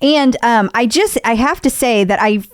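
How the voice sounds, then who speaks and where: A woman's voice: on the high side, moderate pace, no echo, studio quality. A woman co-hosting a fitness news podcast, chatting casually, teasing her co-host and laughing easily. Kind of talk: casual chat.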